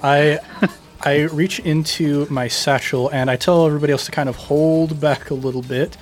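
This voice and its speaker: A man's voice: on the high side, steady tone, normal speed. A man playing in a tabletop game session. He talks casually, laying out his character's actions step by step. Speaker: player.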